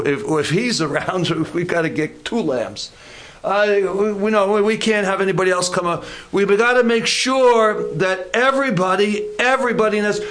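A pastor delivers a sermon in a notably high voice, leaning on key words again and again. He slows down to stress his points and drops into casual asides. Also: a bit bright. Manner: deliberate, repetitive emphasis, folksy asides.

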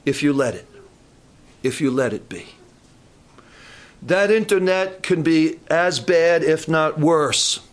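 An older male pastor delivers a folksy sermon at a church camp in a fairly high voice. He slips in humorous asides and often stumbles and restarts his phrases. His delivery is homespun and conversational.

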